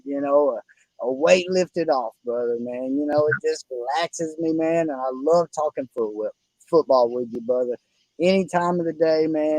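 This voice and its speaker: A man with a twangy Oklahoma country accent, talking in a high, bright register. He is a folksy, effusive podcast host who keeps tossing in "buddy" and "brother". The sound is close and dry, with no room around it. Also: dry recording, poor audio. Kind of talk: casual fantasy football chat.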